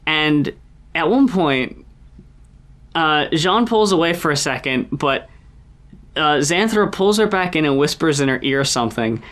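Woman, podcast co-host, casual chat, slow delivery, gushing storyteller. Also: sits low.

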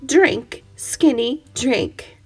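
A woman's voice: high-pitched, extremely slow, husky, faint music behind, exaggerated voice. A woman voicing a bossy, grand male goat who fancies himself a scientist, speaking in a lofty, declaring way. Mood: pompous.

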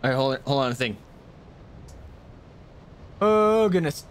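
A man with a medium-pitched voice and a clean tone plays a video game on stream at a measured pace. Chatting with viewers in relaxed commentary, he's excitable and yells and swears at the game.

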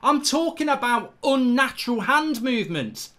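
A man's voice: very high voice, big pitch swings, moderate pace, fairly bright tone. A man hosting a football fan channel, ranting heatedly and swearing through a live match reaction.

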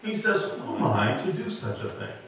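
A man's voice: mid-range voice, sing-song, moderate pace, a bit bright, a little hiss or hum. A male pastor giving a sermon in a folksy way, acting out quoted lines with humor. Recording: echoey hall, mic far off.

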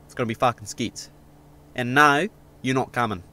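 A man's voice: medium pitch, normal speed, pushed and bright, lightly acted. A man voicing a brash, middle-aged Australian bogan who talks bluntly and swears constantly. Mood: bossy. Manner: swaggering, blunt, heavy swearing.

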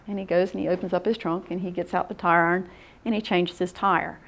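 A woman's voice: lowish voice, fairly even intonation, fairly quick, vocal fry. A middle-aged woman giving a casual workshop lecture, folksy and conversational, often checking in with the audience. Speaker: workshop presenter.

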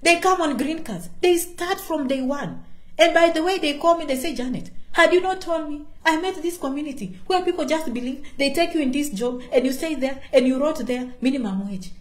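A woman's voice: high-pitched, fairly quick. Emphatic woman with foreign-accented English, echoey. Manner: emphatic, repeats key words, refers to herself by name. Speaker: vlogger giving immigration advice. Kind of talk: casual direct-to-camera talk.

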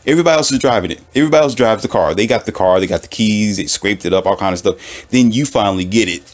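Rapid-fire and lowish in voice, with a little hiss or hum behind him, a man lectures listeners on relationships in a casual monologue. He's animated and preachy, laughing at his own remarks and firing off one rhetorical question after another.

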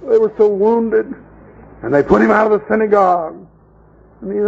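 A man's voice: high voice, normal speed, gravelly, long pauses. Folksy preacher man on a muffled tape. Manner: folksy storytelling preacher, mocking voices in quoted scenes. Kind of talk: sermon. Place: meeting hall at a camp.

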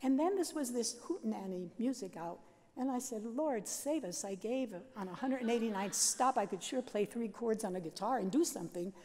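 High-voiced older woman telling stories in a hall. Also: fairly quick. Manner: lively, self-mocking, laughs often. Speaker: Catholic sister and worship leader. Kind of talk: storytelling talk. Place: large seminary chapel.

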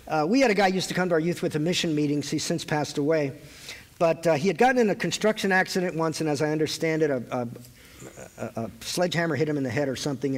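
A man preaching a sermon with animated storytelling, acting out voices in a church hall. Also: fairly high pitch. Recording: echoey hall.

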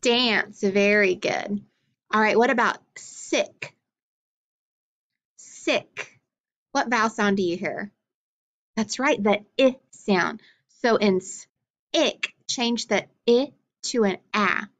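Slow, clearly spoken woman teacher. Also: medium pitch, fairly bright tone. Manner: slow, clearly enunciated, encouraging praise. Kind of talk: phonics lesson for children.

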